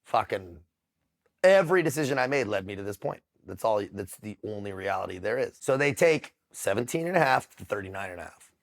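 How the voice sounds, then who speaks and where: A middle-aged man telling his story in a casual interview, blunt and profane, with frequent halting restarts. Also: lowish voice, big pitch swings, creaky. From United States. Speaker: interview guest.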